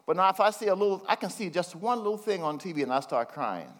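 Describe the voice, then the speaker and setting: Older guy preaching, kinda high voice, folksy chuckly asides, slows way down for bible verses. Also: lively intonation, fairly bright tone, some chatter behind, a little hiss or hum. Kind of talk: conversational sermon with scripture reading.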